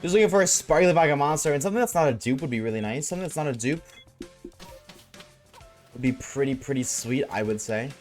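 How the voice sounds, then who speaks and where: A man's voice: medium pitch, animated, fast, darkish tone, faint music behind. A man streaming a game and chatting casually with his viewers, laid-back and slangy, reading chat aloud.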